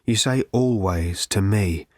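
A man doing Marvin, a croaking, mournful old robot. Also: lowish voice, darkish tone, no echo, clean studio sound. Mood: bitter. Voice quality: croaking, hollow rattle. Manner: slow, mournful, self-pitying. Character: ancient rusted gloomy male robot.

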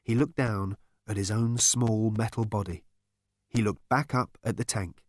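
Guy reading an audiobook, wry lively storyteller, dry close sound. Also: lowish voice, moderate pace, no room sound. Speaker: audiobook narrator. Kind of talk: scripted narration.

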